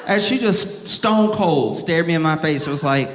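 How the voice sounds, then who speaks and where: A male stand-up comedian telling calm, wry stories that climb into exasperation. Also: fairly high pitch, moderate pace, hardly any pauses, background noise. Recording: reverberant performance hall.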